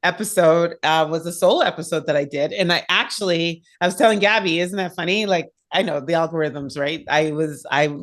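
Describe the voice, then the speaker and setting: A woman hosting a podcast in casual chat, bubbly and laughing often, with quick bursts of talk. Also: fairly low pitch. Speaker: podcast host.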